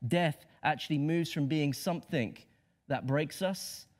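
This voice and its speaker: Guy preaching, high voice, goes quiet then really pushes it, big dramatic swings. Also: measured pace. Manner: impassioned, rhetorical, swings between hushed lows and emphatic highs. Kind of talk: Good Friday sermon.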